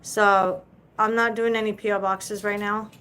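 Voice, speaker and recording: A woman's voice: medium pitch, little pitch movement, a little slow, fairly bright tone, a little hiss or hum, low-quality recording. Rambling, casual woman livestreaming. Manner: rambling, loose, swears freely. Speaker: livestream host; mother. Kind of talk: casual live chat.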